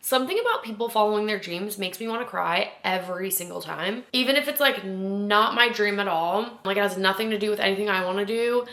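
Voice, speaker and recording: A woman's voice: medium pitch, brisk, hardly any pauses, a bit bright. Chatty young woman rambling at home. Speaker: vlogger. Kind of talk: casual vlog chat.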